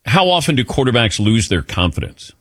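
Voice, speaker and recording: A man's voice: mid-range voice, sing-song, brisk, a bit bright, no echo, clean studio sound. A man hosting a sports show, asking curious, teasing questions in casual conversation.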